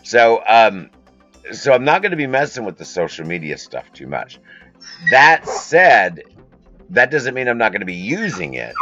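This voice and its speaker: A man's voice: fairly low pitch, pushed and bright, lo-fi sound. A man hosting a casual live stream from his home, rambling through business talk and breaking off to scold his dogs. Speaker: host. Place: home room with a curtain backdrop.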